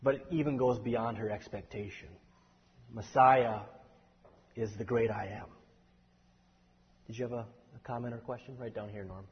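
A man teaching a Bible study class, lively and explaining, calling on the group for answers. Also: mid-range voice, moderate pace, pauses often, husky. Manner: animated, takes questions from the class. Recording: echoey hall, dull lo-fi sound.

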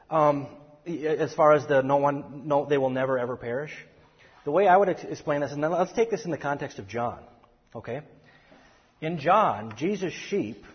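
Guy teaching bible study, kinda husky, lots of restarts, dull recording with a long echo in a hall. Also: medium pitch. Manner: earnest, with frequent restarts and emphatic stresses.

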